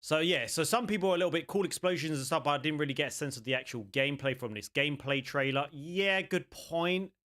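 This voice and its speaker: A young man hosting a gaming channel, chatting casually and excitedly as he reacts to game trailers in a rambling, jokey way. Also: fairly high pitch, fast talker, hardly any pauses.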